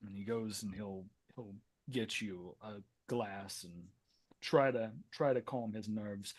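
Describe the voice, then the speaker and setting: A man narrating his character's actions as a player in a tabletop role-play, in an animated, casual way with frequent swearing. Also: on the low side, slow pace, dry recording.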